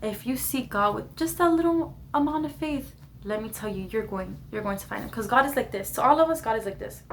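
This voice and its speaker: A woman's voice: fairly high pitch, expressive, a little fast, noisy background. A young woman vlogger giving a heartfelt personal testimony to the camera, earnest and repeating words for emphasis. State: emotional at times. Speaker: vlogger sharing her testimony.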